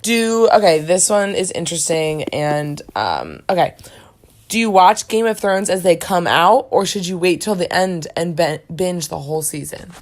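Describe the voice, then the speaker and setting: A young woman co-hosting a casual chat, reading out questions and chatting back quickly. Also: lowish voice, expressive. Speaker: podcast co-host.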